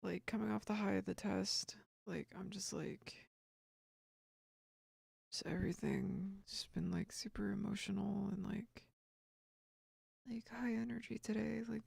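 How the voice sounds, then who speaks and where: Gravelly, husky woman muttering to herself. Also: medium pitch, a little mellow, no room sound. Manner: rambling, muttering and whispering to herself. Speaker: streamer working on stream. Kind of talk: casual livestream monologue.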